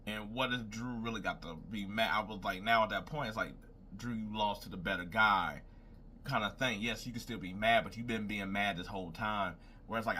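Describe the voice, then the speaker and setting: Rambling man thinking aloud, bright tone. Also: on the low side, slight background noise. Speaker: wrestling commentator making predictions. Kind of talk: casual solo talk.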